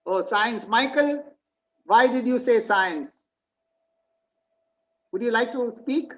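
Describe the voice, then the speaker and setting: A woman's voice: on the high side, expressive, takes it slowly, fairly bright tone, low-quality recording. A woman giving an online presentation, reading slide points and quizzing her listeners. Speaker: webinar presenter.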